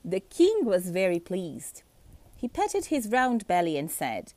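A woman reading a fairy tale aloud with expressive, animated storybook delivery. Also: medium pitch, unhurried, dry recording.

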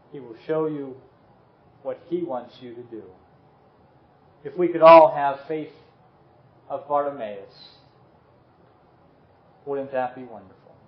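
A man preaching a sermon and leading a closing prayer, earnest and dropping softly on key words. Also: mid-range voice, slight background noise. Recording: echoey room, slightly dull sound.

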